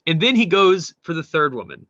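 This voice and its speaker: A man co-hosting a podcast, casually retelling a show and reading memes aloud, animated and swearing freely. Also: on the high side, brisk, no echo, dull audio. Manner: animated, swearing, mimics quoted people. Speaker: podcast co-host.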